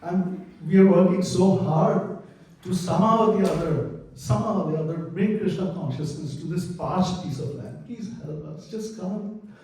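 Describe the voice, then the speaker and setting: A man's voice: sits high, moderate pace, warm tone. Earnest pleading man in an echoey hall. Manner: earnest, pleading, openly emotional. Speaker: conference presenter for a devotional community. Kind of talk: impassioned conference presentation. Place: large conference hall. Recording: echoey hall, voice far from mic.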